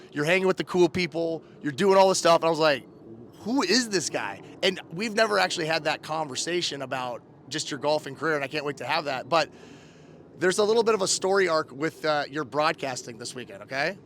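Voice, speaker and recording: Guy host w/ a gravelly edge, kinda higher voice, telling stories all animated. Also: brisk, a little hiss or hum. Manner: animated storyteller acting out quotes. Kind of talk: casual recap chat.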